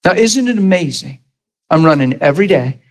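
Animated preacher telling a story. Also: male voice, on the high side, fairly quick. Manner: animated storyteller, acts out voices, laughs. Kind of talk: sermon with personal story.

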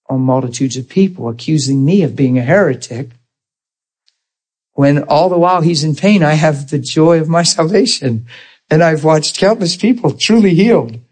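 A man preaching, telling a personal story in an earnest, animated way and acting out the dialogue. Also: on the high side, slightly rough, poor audio. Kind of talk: storytelling sermon.

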